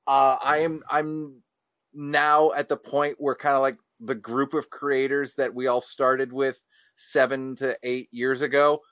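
A man speaking as a podcast guest, reflective and measured, with some fillers. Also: mid-range voice, little pitch movement, a bit bright, dry recording. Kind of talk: casual podcast chat.

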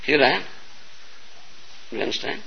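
A man's voice: fairly high pitch, lively intonation, measured pace, gravelly, slightly rough, highs cut off. A man giving a storytelling sermon, often checking whether listeners understand. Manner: storytelling lecture, repeatedly asking "You understand?". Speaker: spiritual teacher.

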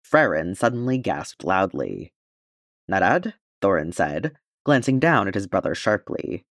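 A male audiobook reader with a low voice who narrates fan fiction with lively, expressive pitch. The recording is dry and close, with no room sound. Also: measured pace, gravelly, no echo.

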